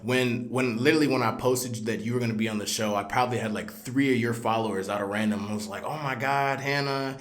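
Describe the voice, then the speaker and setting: A man's voice: on the low side, steady tone, fast, hardly any pauses. A man hosting a podcast interview in a slangy, laid-back, casual way. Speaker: podcast host. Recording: roomy echo.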